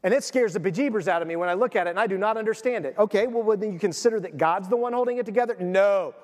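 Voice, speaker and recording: A man preaching a sermon with animated storytelling, acting out the voices of the people in his stories. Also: high-pitched, fast. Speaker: pastor. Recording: long hall reverb.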